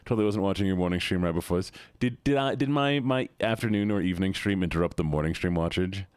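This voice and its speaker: A man streaming live, chatting casually with his viewers in a playful, sing-song way, drifting into a soft sleepy mumble. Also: low-pitched, quick pace, clear, resonant tone, no echo. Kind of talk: casual chat greeting viewers.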